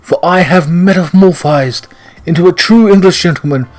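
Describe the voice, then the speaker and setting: A man voicing a pompous young male suitor who talks like a posh English gentleman, grand and theatrical. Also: high voice, moderate pace, faint music behind, voice pushed up, lightly acted. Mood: grandiose. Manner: flowery, theatrical, grandiose speech.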